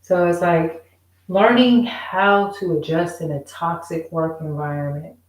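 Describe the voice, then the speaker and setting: A woman's voice: lowish voice, fairly even intonation, a little slow, roomy sound, recorded from a distance, low-quality recording. A woman in a casual, rambling monologue, emphatic and repeating herself as she vents. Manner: rambling, emphatic, repeats "you know what I'm saying". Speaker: vlogger.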